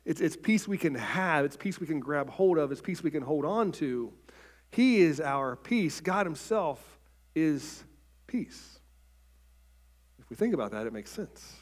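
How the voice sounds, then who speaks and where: A man preaching a sermon in an earnest way, often repeating words as he starts a phrase and dropping to a soft, quiet voice on key points. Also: fairly high pitch, animated, moderate pace.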